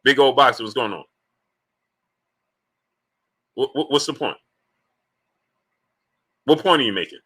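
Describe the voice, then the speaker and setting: A man hosts a live-streamed sports talk show with a bright, forceful voice. He hammers his points home through rhetorical repetition, breaking off to greet chat viewers by name. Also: medium pitch, normal speed, breathy edge. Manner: animated, rhetorical, repeats points emphatically.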